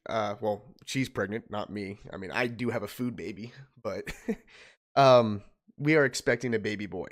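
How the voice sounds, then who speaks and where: Choked-up man on a live stream. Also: lowish voice. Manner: halting, restarting, choked up. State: holding back tears. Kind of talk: emotional personal story on a live stream.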